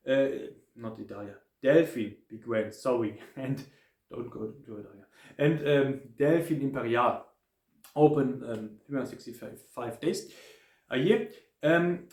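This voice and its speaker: A man with a German accent giving a casual spoken hotel review, halting, with many fillers and restarts. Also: fairly high pitch, a little mellow, reverberant.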